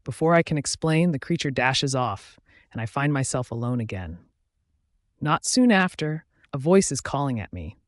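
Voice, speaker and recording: A man's voice: mid-range voice, expressive, moderate pace, no room sound. Reflective male audiobook narrator, dry close sound. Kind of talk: scripted first-person narration.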